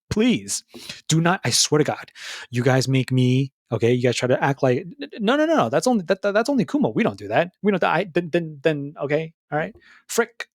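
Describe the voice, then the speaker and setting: A young man rambling through a casual monologue, tripping over his words and restarting sentences as he goes. His voice sits a little high, and his talk is loose and animated, full of bro slang. The sound is dry and close, with no room echo. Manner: rambling and stammering, with frequent restarts. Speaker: YouTuber.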